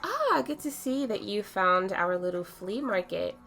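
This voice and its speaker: A woman's voice: mid-range voice, big pitch swings, unhurried, gravelly, fairly bright tone, faint music behind, heavily acted. A woman voicing a kindly older woman who speaks politely and homely, calling people "dear". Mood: grateful. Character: kindly old woman clearing out clutter.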